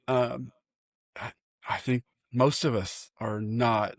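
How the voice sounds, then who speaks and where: Man, pastor podcast co-host, folksy and earnest, mid-pitched voice, dry sound. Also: slow pace, no echo. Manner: folksy and earnest, animated with many restarts. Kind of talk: casual chat.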